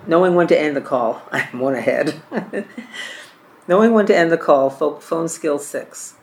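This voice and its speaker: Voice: mid-range voice, unhurried, a little hiss or hum. A trainer teaching a caregiving class from a course book, reading examples aloud and often repeating or correcting their own words.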